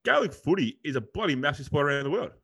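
A man's voice: a little high, big pitch swings, fast, pushed and bright, breathy edge. Blokey Australian man rambling on a podcast. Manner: rambling, blokey, swears casually. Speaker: podcast co-host. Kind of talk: casual chat.

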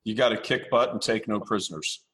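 A man speaking as a podcast guest, blunt and forceful, repeating himself as he rambles. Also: lowish voice, fairly quick, slightly rough. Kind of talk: casual interview.

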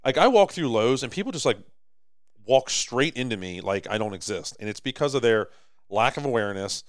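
American guy rambling on a podcast, smooth clear voice, dry close mic. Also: mid-range voice, a little fast, no room sound. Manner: animated, rambling, swings loud and soft. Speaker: podcast co-host. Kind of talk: casual chat.

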